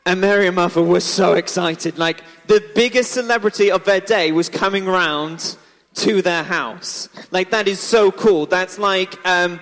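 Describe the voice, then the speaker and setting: Playful storyteller for a church children's talk; high voice, big hall reverb. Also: male voice, unhurried, fairly bright tone. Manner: chatty, playful, asks the audience questions. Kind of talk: lively storytelling to a congregation. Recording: echoey hall.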